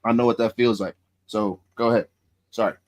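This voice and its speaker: A man's voice: lowish voice, steady tone, fairly quick. Earnest man addressing his live-stream viewers. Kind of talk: casual live-stream talk.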